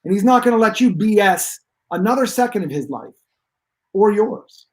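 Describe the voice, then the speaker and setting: A man with a fairly high voice tells long stories with real energy. He talks emphatically and wanders into asides as a guest expert on pain relief. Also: very animated, a little fast, low-quality recording. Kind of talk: animated storytelling.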